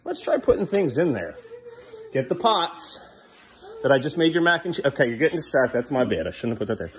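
A man's voice: medium pitch, sing-song, a little fast, a little hiss or hum. A father filming a home vlog, firmly repeating short commands to his child as he tidies up indoors. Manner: firm, repetitive commands to a child. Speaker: father and vlogger.

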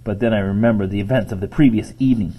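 A man reading a children's book aloud, pausing to explain words to his listeners. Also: on the low side, dark tone, breathy edge, poor audio. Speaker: reader to children.

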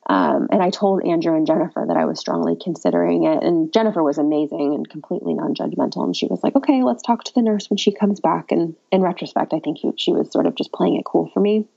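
A woman's voice: sits low, very animated, fast talker, gravelly, few pauses, mellow. A woman casually telling a birth story as a podcast guest, candid and chatty with a wry, self-mocking humor. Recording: dull lo-fi audio.

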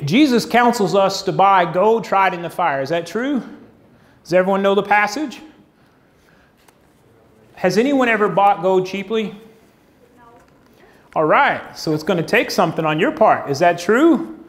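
A man's voice: sits high, fairly bright tone. A man preaching a sermon to a congregation, folksy and humorous, using props as object lessons and asking the crowd questions. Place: church stage before a congregation.

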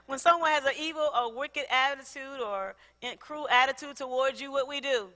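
Woman preaching in a big church hall, high bright voice, long echo, laughs a lot. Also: moderate pace. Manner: laughing often, call-and-response with congregation. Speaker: pastor. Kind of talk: sermon. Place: large church sanctuary.

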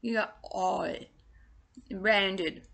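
A woman's voice: medium pitch, steady tone, drawn-out words, gravelly, a bit bright. A woman, giving a casual singing lesson in a chatty, playful way. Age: 60s. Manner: chatty and playful, drawing out drills. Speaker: singing teacher.

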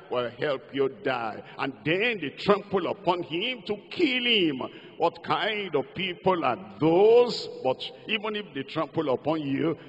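An older man with a Nigerian accent preaching a sermon, leading the congregation in call-and-response and sing-song declarations. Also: fairly high pitch. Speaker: pastor. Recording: lo-fi hall recording.

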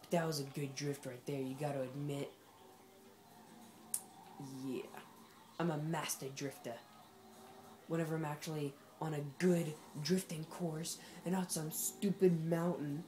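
A woman's voice: low-pitched, steady tone, measured pace, long pauses, mellow, a little hiss or hum. A woman giving casual, sarcastic commentary while playing a racing game, talking back at the game's characters. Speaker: gameplay commentator.

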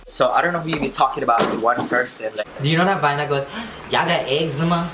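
A man's voice: medium pitch, quick pace, noisy background. A young man bantering casually with his mom, sassy and teasing, swearing often. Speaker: vlogger. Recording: echoey room with music playing.

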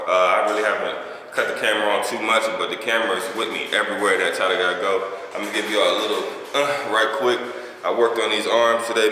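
A young man vlogging from the gym, talking casually and in slang to the camera. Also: on the low side. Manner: relaxed slangy talk to camera. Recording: echoey gym with noise.

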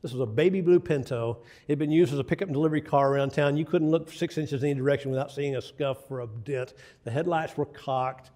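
A man's voice: mid-range voice, quick pace, hardly any pauses, mellow. An older man preaching a sermon, telling folksy stories with asides to the congregation. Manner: folksy storytelling with asides to the audience.

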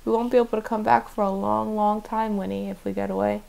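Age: teen boy. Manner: folksy, hushed urgency. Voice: gravelly edge , a woman reading. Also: mid-range voice, flat delivery, quick pace, rough recording. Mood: urgent. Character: earnest country teenage boy, urgent.

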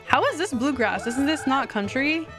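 With music playing in the background, a young woman with a high voice streams a video game at a moderate pace. She chats and giggles as she reacts to the screen and gives excited squeals at wins.

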